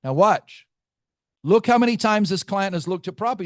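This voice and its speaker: A man runs a live sales team training, pushing and teasing his listeners and firing questions at them. His voice sits high for a man. The sound is dry and close, with no room around it. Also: lively intonation, normal speed, no room sound. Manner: brash, teasing, quizzes the audience. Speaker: real estate team trainer.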